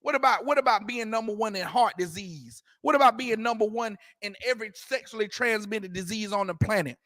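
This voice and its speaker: A man's voice: sits high, a little fast, a bit bright, no room sound, clean studio sound. A man teaching a scripture class in an emphatic, repetitive way, using street slang and firing rhetorical questions. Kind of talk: preaching scripture commentary.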